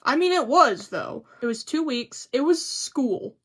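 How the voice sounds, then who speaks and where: A woman's voice: high voice, lively intonation, measured pace, a bit bright, slightly rough. A young woman vlogging to camera in a casual, rambling chat, swearing freely and joking at her own expense. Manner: rambling, profane, self-mocking.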